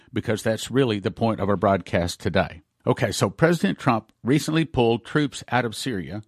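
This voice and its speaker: This is a man at an ordinary middle pitch, talking through Bible prophecy on his own radio show. He reads the old verses aloud, then explains them in a homespun, emphatic way. The sound is close and dry, with no room around it. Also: dry recording. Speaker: radio host.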